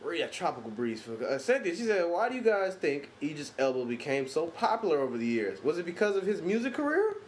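Animated joking man with an expressive voice. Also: on the high side, fast, few pauses, a little hiss or hum. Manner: loose, joking, slangy storytelling. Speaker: podcast co-host. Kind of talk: casual profane chat.

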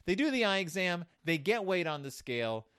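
A man's voice: high voice, big pitch swings, fairly quick, fairly bright tone, clean tone, no echo, clean studio sound. A man hosting a show, giving comedic commentary on a children's book, rambling with many restarts. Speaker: podcast host reviewing a children's book.

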